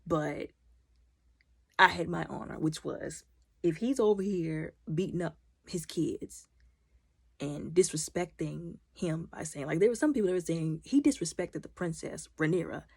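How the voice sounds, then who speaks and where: A woman recaps a TV episode with animated, opinionated commentary and talks back to the characters. Her voice is husky and a little low. The sound is close and dry. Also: normal speed, no echo. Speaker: video recap host.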